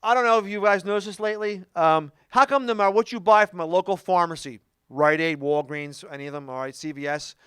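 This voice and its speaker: A middle-aged man doing a stand-up comedy routine, telling stories in an animated way with quick asides. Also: high-pitched, smooth, no echo, studio quality. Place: comedy club stage.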